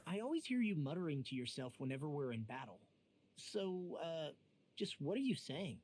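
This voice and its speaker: A man's voice: fairly high pitch, sing-song, normal speed, husky. An actor playing a brash young male fighter in a game, blunt and earnest but haunted by his past. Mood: curious. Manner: bluntly earnest, turns quiet and hesitant. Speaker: game character. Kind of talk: game dialogue acting. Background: game music.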